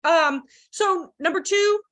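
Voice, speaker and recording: A young woman leading a child care training workshop, joking with the audience and acting out quoted voices in a lively way. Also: very high voice, slow. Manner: animated, acts out quoted voices, jokes with the audience.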